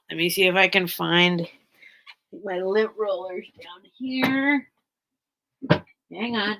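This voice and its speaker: On a low-quality recording, a woman's slightly high, somewhat bright voice comes through. She's tearfully hosting a vintage sale live stream, chatting with her viewers in a casual, emotional way. Her talk rambles, aimed right at the audience, and she's teary throughout.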